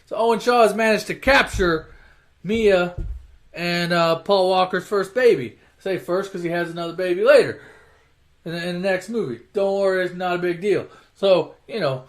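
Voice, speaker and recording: A man's voice: on the high side, normal speed. A young man casually retelling an action movie plot in a rambling, profane way, mocking the characters as he goes. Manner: rambling, swears constantly, mocking voices for characters. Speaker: storyteller retelling movie plots.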